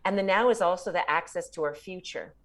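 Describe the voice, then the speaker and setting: A woman speaking as an author in a reflective spiritual talk, measured and pausing to find her words. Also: lowish voice, fairly bright tone.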